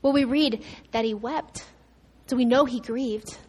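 A woman pastor preaches with a fairly high, clear voice at a slightly slow pace. Her conversational sermon is full of asides and restarts, shifting between raised, emphatic lines and soft, hushed ones.

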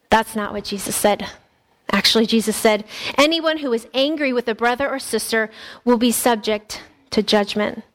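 A woman's voice: fairly high pitch, moderate pace. A woman pastor preaching a sermon in an earnest, conversational way, often restarting her sentences.

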